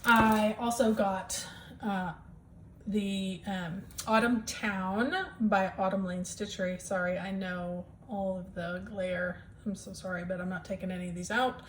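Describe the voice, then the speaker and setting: A woman's voice: medium pitch, fairly even intonation, measured pace, slight background noise. A woman chatting enthusiastically at home about her stitching projects, with lots of ums. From US Midwest. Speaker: cross-stitch vlogger. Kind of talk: casual show-and-tell chat.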